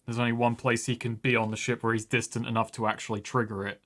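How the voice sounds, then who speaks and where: A man's voice: medium pitch, flat delivery, quick pace, fairly bright tone. A man taking part as a player in a tabletop role-playing game, chatting casually and correcting himself as he goes. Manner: stumbles over names, self-correcting.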